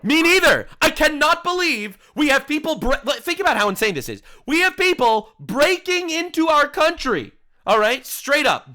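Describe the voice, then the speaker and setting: A man's voice: very high-pitched, pushed and bright. A young man ranting in a mocking, heated way while reacting to clips, laughing between lines.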